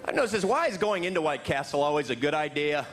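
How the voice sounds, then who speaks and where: A man's voice: sing-song, fast. Stand-up comic man before a laughing crowd. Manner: jumps into high shouted silly voices for bits. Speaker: stand-up comedian. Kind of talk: stand-up comedy set. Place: theater stage with laughing audience. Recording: live show with crowd laughter and noise.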